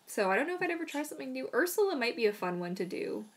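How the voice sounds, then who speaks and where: On a live stream, a woman casually answers viewer questions, chatty and rambling, though she is unwell with throat trouble. She talks very fast in a high voice with big pitch swings, pausing to soothe her dog in whispers.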